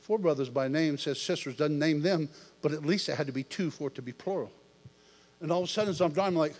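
A high-pitched man delivers a lively, joking sermon, slipping into little acted-out voices. His voice rings with the long reverb of a large church hall. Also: quick pace. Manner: animated and joking, acts out voices. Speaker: preacher.

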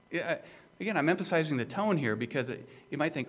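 A man's voice: medium pitch, lively intonation, fast. A male pastor preaching an expository sermon, emphatic and conversational, with rhetorical questions to the listeners.

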